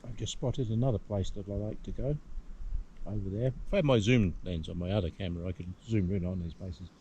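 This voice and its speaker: A man's voice: lowish voice, brisk, dark tone, muffled recording, a little hiss or hum. A man with an English accent musing aloud to the camera as he hikes on a hillside. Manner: rambling, musing aloud with many hums. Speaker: hiking vlogger. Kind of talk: casual outdoor vlog commentary. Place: outdoors on a hillside.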